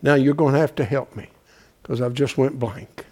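At a moderate pace and with a steady, medium-pitched voice, a man preaches a folksy sermon, calling out to his congregation and shifting between loud and hushed.

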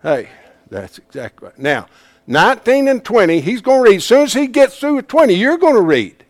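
Animated man teaching a Bible class. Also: high voice, a little fast, no room sound. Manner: animated, swings from hushed asides to loud emphasis; folksy, plain-spoken.

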